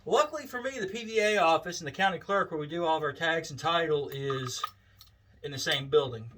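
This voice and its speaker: A man's voice: on the high side, a little fast, background noise. Chatty man telling a story. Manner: chatty, wry, folksy. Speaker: vlogger. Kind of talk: casual storytelling.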